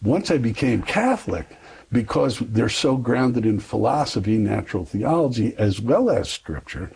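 A man's voice: mid-range voice, sing-song, normal speed, vocal fry, a little mellow, husky, low-quality recording. A middle-aged man, a guest on an interview, telling a long personal story in a rambling, self-deprecating way with frequent fillers.

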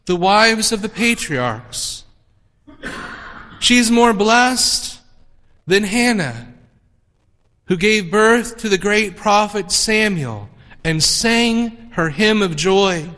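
A priest reading the gospel and preaching a homily, measured and emphatic, building his points through repetition. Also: sits high, a bit bright, big-room sound.

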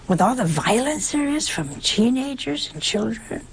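A woman preaches in a relaxed, talky way, as if chatting with her listeners. Her voice has a gravelly edge, and she keeps throwing out rhetorical questions. She jumps up sharply in pitch when she wants to stress a point. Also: unhurried, background noise. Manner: conversational, rhetorical questions and sudden emphatic leaps in pitch. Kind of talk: informal sermon.

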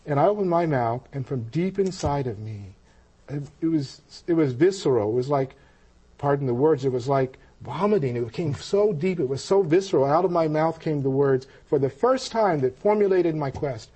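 A man telling a personal story of his spiritual experience, halting and reflective, with frequent pauses and restarts. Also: on the high side, dark tone, slightly rough. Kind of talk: personal testimony.

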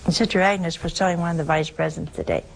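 A woman's voice: fairly low pitch, fairly even intonation, quick pace, gravelly, slight background noise, low-quality recording. A woman giving a folksy religious talk, telling stories and asking rhetorical questions. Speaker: religious speaker. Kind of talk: sermon-style talk.

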